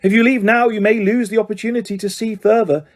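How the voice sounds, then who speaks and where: A man's voice: sits high, steady tone, fast, voice pushed up. A man voicing an eccentric female divination teacher in an audiobook, speaking dramatically and insistently. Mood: insistent mystical.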